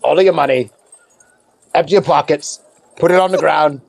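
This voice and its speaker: A man's voice: on the high side, normal speed, creaky, no room sound. A man doing a dim hungover half-ogre thug. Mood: blustering. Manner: dim-witted, blustering, trips over his own name.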